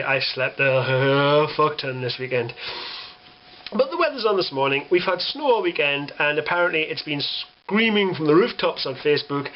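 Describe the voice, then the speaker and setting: British man, young, sweary sarcastic rant, fairly high voice, dull lo-fi audio. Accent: British English. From Britain. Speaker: vlogger. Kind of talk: ranting monologue.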